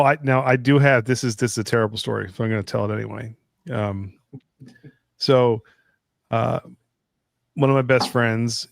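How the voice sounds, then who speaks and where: A man's voice: mid-range voice, creaky, dry recording. Middle-aged male co-host, mid-range voice, dry close mic, rambling anecdotes full of restarts. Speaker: live stream co-host. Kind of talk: casual chat.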